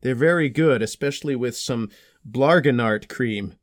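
A man's voice: mid-range voice, normal speed, lightly acted. A man voicing a friendly, goofy young male dragon in playful role-play with a child, cheery and giggly. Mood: jolly. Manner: cheery, giggly, rambling about made-up snacks.

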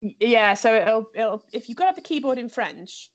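A woman's voice: fairly high pitch, sing-song, moderate pace, no echo, lo-fi sound. A woman language teacher, chatting enthusiastically with lots of fillers and restarts. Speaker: French teacher. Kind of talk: casual conversation.

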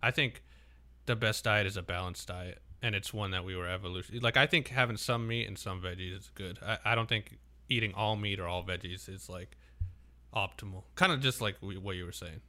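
A man's voice: low voice, fairly quick, bright, forceful tone. A man co-hosting a podcast in casual chat, rambling and swearing a lot. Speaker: podcast co-host.

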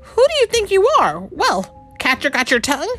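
A woman's voice: high-pitched, huge pitch swings, normal speed, fairly bright tone, soft background music, voice pushed up, heavily acted. A woman voicing an offended male parrot in a storybook read-aloud, squawking and huffy. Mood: indignant.

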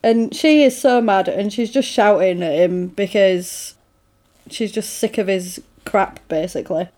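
A woman in easy conversation, retelling a film scene by scene. Her pitch sits in a middling range, and she slips into quoted lines with lively energy before dropping back to plain chat. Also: unhurried. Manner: animated retelling, acting out quoted lines with laughs. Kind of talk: casual film recap chat.

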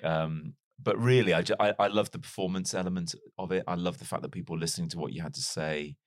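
A broadcaster appearing as an interview guest, this man has a very deep voice with a light Liverpool accent and tells stories in a relaxed, conversational way. He's chatty and self-deprecating, full of quick asides, and the recording is dry and close with no room sound.

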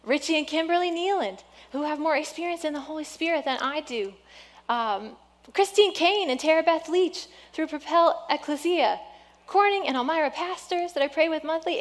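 A woman pastor preaching a sermon in a church, earnest and exhorting, often dropping to a soft hush. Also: sits high, animated, moderate pace. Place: church sanctuary.

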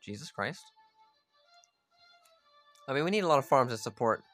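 A man's voice: mid-range voice, animated, moderate pace, fairly bright tone, faint music behind. Man chatting casually over gameplay. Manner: chatty, swears freely, talks to his units. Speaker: gamer playing a strategy game.

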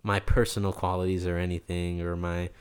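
Young guy from new york, lowish voice, animated storyteller in a chatty interview. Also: brisk, clean tone. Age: young adult. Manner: animated, acts out the people he quotes. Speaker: interview guest.

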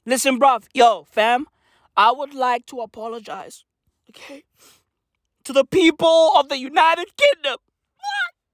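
A South African woman rants in a quick comic vlog voice, cursing freely and calling out to "bruh" and "fam". Her voice sits high and swings widely up and down. The sound is dry with no room echo. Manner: animated, swears constantly, slangy with "bruh" and "fam". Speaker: vlogger. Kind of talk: profane comic rant.

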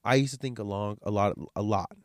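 Nasal and stuffed up with a cold, a man hosts a casual podcast on his own, candid, profane and wandering from topic to topic. His lowish voice moves a little fast, and the clean studio recording has no room sound.

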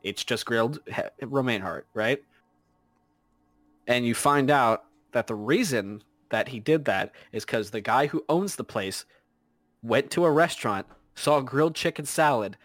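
A man's voice: medium pitch, normal speed, fairly bright tone, no echo. Man telling a story, insistent and profane. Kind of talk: casual profane chat.

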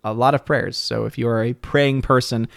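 A man's voice: medium pitch, normal speed, vocal fry, no room sound, studio quality. Upbeat male streamer reading names. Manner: reads supporter names with lively upward inflection; jokey, playfully mangles words. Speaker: livestream host. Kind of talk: casual stream sign-off and shout-outs.

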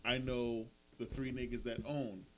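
A man's voice: medium pitch, little pitch movement, a little slow, slight background noise. A man, a podcast host, talking bluntly and casually with heavy swearing. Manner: blunt, profane. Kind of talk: casual chat.

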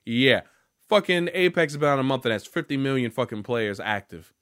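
A man's voice: mid-range voice, expressive, brisk, fairly bright tone. A young man ranting casually as a gaming vlogger, rambling and profane.

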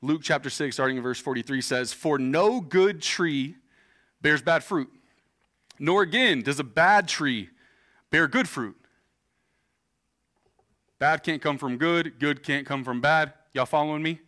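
A man's voice: fairly high pitch, a little slow, pauses often, bright, forceful tone. A man in his thirties, a pastor preaching a sermon in a casual, joking way, telling personal stories to a church congregation. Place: church stage before a congregation.

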